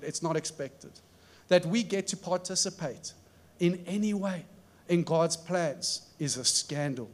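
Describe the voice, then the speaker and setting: An earnest male preacher delivers a sermon with emphasis and rhetorical questions. His voice sits fairly high for a man.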